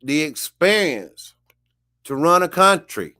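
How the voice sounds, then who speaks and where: A man's voice: a little high, very animated, slow pace, bright, forceful tone. A man giving a casual monologue rant to the camera, emphatic and repetitive, with a preachy tone. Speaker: vlogger.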